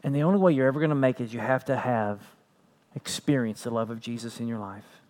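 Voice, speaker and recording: A man's voice: mid-range voice, fast talker, a little mellow. A man preaching a sermon as pastor, earnest, repeating phrases and building to emphatic peaks.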